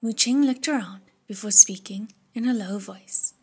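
A woman narrates an audiobook in a hushed reading voice. Her tone is very breathy and husky, and faint music runs underneath. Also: medium pitch, normal speed, few pauses.

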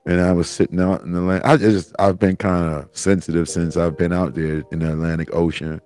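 A man with a low voice talks through tears, swearing and rambling from one thought to the next. Faint music plays behind him as he hosts his own show. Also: little pitch movement, brisk, darkish tone. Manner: rambling, profane, tearful and laughing. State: crying. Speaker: podcast host. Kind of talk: emotional personal monologue.

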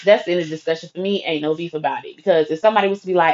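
A young woman telling a story on her vlog in a blunt, profane, animated way. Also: fairly low pitch, rapid-fire, highs cut off, a little hiss or hum. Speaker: vlogger. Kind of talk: storytime monologue.

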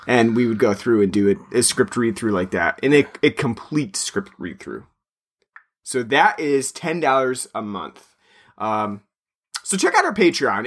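A male podcast host talks in a loose, meandering way. His voice is bright and carries steadily at an even middle pitch. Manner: chatty and meandering, plugs the show. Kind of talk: casual podcast chat.

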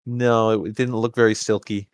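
A man joking through a movie rewatch with a co-host, wry and quick to act out the characters' lines. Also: fairly low pitch, level tone, dry recording, studio quality. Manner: wry, jokey, acts out lines in funny voices. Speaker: podcast co-host. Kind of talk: casual movie rewatch chat.

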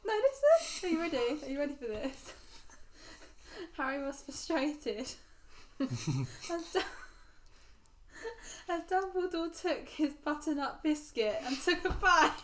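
A woman's voice: high voice, big pitch swings, slow pace, pauses often, a little hiss or hum. A woman hosting a casual chat and reading a fan story aloud, giggling now and then. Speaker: podcast host.

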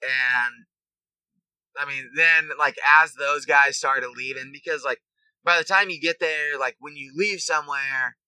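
Bright-voiced, rambling young man. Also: fairly high pitch, fairly even intonation, unhurried, clear, resonant tone, dry recording, low-quality recording. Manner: rambling storyteller, heavy use of "like", laughs often. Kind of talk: casual chat.

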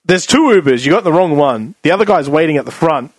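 A man's voice: a little high, expressive, fast, no room sound, low-quality recording. A man in a casual chat, probing with question after question. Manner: probing, keeps asking questions.

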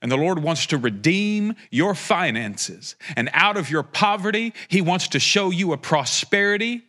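A man with a high, bright, ringing voice preaches a prophetic sermon. He speaks straight to his listeners with fervor and breaks into playful joking asides. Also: lively intonation, a little slow. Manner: impassioned, joking asides, rising to a fervent pitch.

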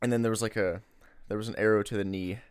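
A man's voice: fairly low pitch, steady tone, quick pace, clear, resonant tone, no echo. A young man rambling through casual podcast chat, full of likes and swearing, on a close mic. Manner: rambling, filler-heavy, swears.

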